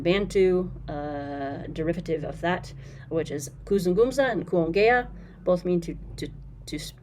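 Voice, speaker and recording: A woman teaching Swahili in a casual lesson commentary, explaining patiently and repeating phrases slowly with fillers, frank about bad translations. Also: fairly low pitch, darkish tone, a little hiss or hum.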